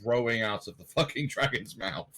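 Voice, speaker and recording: A man's voice: mid-range voice, lively intonation, normal speed, bright, forceful tone. A man co-hosting a casual movie podcast, joking, swearing and laughing a lot. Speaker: podcast guest co-host.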